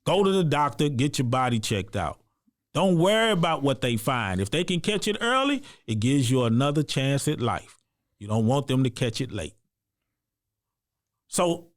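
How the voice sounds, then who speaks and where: A man's voice: mid-range voice, no echo, clean studio sound. Earnest man telling a personal story. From United States. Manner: earnest, emphatic, conversational. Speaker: podcast guest.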